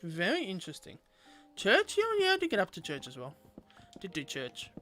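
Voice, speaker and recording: A man's voice: high voice, wildly swooping pitch, moderate pace, pushed and bright, soft background music. A young man chatting playfully with viewers while streaming a game. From Australia. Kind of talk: casual gameplay livestream chat.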